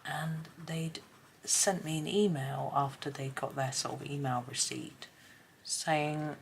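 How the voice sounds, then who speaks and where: Hoarse woman, low gravelly voice, rambling chat while colouring, slips into half-whispers; faint hiss behind. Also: steady tone, slow. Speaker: colouring channel host.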